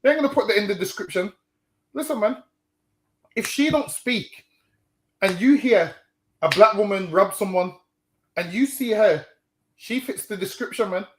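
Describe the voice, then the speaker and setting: Emphatic high-voiced street preacher man. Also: expressive, moderate pace, long pauses, echoey room. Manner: emphatic, repeats "man" and "listen".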